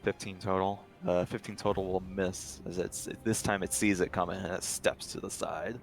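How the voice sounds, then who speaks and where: A man running a tabletop game as game master, upbeat and quick to laugh. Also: low-pitched, steady tone, gravelly, soft background music.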